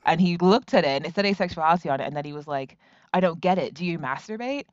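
Guest voice: lowish woman, animated storyteller, dull lo-fi recording, dry. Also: quick pace, no echo. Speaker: guest, activist. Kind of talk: casual chat. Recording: dull, lo-fi sound.

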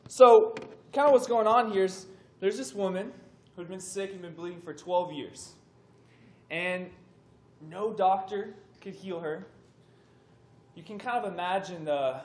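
Young man telling a story in an echoey hall. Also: high-pitched. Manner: animated, conversational, acts out voices in stories. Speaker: youth speaker. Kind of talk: casual sermon storytelling. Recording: echoey room with faint background noise.

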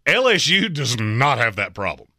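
A man co-hosting a sports talk show, debating coaches in an emphatic, opinionated way with quick jokes. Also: mid-range voice, very animated, sharp tone, dry recording, clean studio sound. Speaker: sports podcast co-host.

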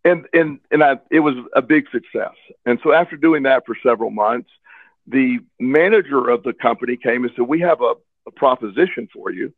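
A man with a medium-pitched voice speaks fairly quickly as an interview guest, sharing a personal story in a casual interview. He comes across as candid and earnest, often repeating words while he searches for the right ones. The audio sounds like a tinny phone line and is dry, with no echo.

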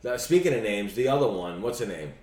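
A man's voice: on the low side, lively intonation, a little fast, darkish tone, roomy sound, distant mic. A man from New York with a New York accent, co-hosting a podcast in crude casual chat, profane and mocking as he rants. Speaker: podcast co-host.

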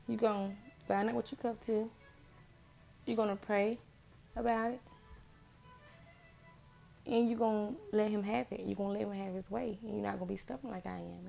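Gravelly woman giving earnest faith talk. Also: medium pitch, warm tone. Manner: earnest, impassioned, repeats phrases for emphasis.

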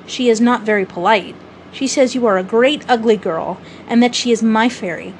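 Storybook boy who won't grow up: passionate, cocky, lightly high-pitched, read by a woman. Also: moderate pace, slight background noise, lightly acted. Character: eager boastful boy who never grows up.

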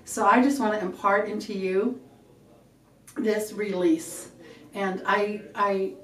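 A middle-aged woman giving an earnest, halting church testimony, often repeating herself. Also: medium pitch, fairly even intonation, a bit bright. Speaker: testifying believer. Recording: echoey room from a distance, faint music.

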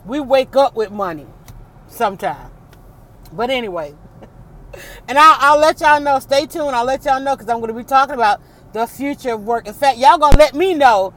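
A woman's voice: sits high, moderate pace, fairly bright tone, a little hiss or hum. Chatty woman vlogging from her car. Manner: chatty, rambling, addresses viewers as y'all. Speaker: podcast host. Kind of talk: casual vlog talk while driving. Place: in a car on city roads.

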